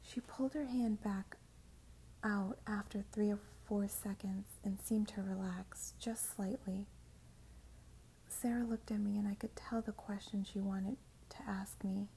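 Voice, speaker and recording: A woman reading a first-person story aloud in a soft, mostly whispered narration. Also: mid-range voice, fairly even intonation, unhurried, a little hiss or hum.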